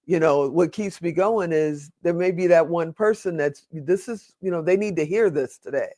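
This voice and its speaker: Earnest guy on a podcast, kinda high voice, talks slow when he drives a point home. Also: a little mellow, no room sound, clean studio sound. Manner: earnest, slows down for emphasis. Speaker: podcast guest. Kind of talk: personal storytelling in an interview.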